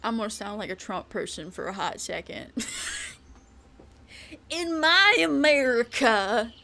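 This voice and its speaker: A woman's voice: mid-range voice, a little fast, gravelly, slight background noise. A woman streaming a game, ranting in casual chat, blunt and rambling, swearing often and laughing between lines. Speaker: VTuber streamer. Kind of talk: casual live-stream rant while gaming.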